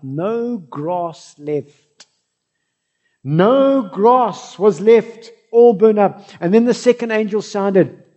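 A man with a South African accent preaching a sermon, swinging between loud cries and soft low asides. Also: slightly rough. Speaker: pastor.

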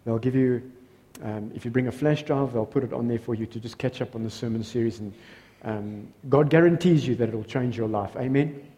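A South African man preaching a lively sermon as pastor in a church, joking and calling out for amens. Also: medium pitch, fairly quick. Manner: energetic, joking, builds to loud exclamations, calls for amens. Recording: long reverb of a church hall.

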